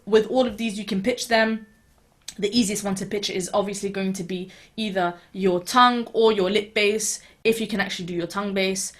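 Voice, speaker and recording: A woman's voice: mid-range voice, steady tone, normal speed. A woman teaching beatboxing in an online video lesson, talking casually with fillers in a reassuring, encouraging way.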